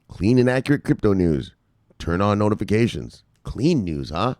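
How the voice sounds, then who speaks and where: Host: man, low voice, very lively swings in pitch, dry close sound; casual livestream shout-outs, swears freely. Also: normal speed, no echo. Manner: animated, swears freely, shouts "bang" at each name. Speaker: crypto news show host. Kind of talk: casual live-stream chat reading viewer comments.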